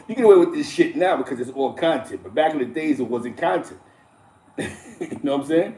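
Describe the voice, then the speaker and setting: Animated middle-aged man, roomy echo. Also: a little high, brisk. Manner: animated storytelling, chuckling through stories, blunt and profane. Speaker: live-stream host. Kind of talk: casual street-talk commentary.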